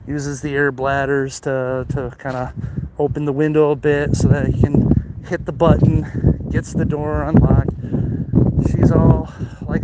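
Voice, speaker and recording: A man's voice: fairly high pitch, little pitch movement, measured pace. Rambling man on a noisy outdoor walk. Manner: rambling, many fillers and restarts. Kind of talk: casual storytelling. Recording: loud outdoor noise.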